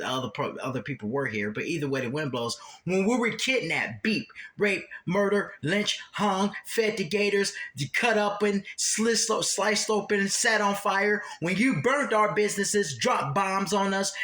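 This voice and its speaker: A man's voice: high voice, pushed and bright. Fiery man preaching scripture commentary. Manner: fiery, repetitive, emphatic lists. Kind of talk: heated scripture commentary monologue.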